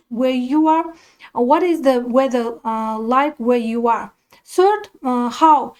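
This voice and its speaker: Brief: young woman, high voice, slow halting reading of lesson notes. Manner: hesitant, many fillers and restarts. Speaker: student presenting a lesson.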